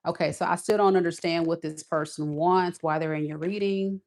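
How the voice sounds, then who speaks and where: Woman tarot reader, casual monologue, emphatic and sassy, a bit low. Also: steady tone, normal speed, darkish tone.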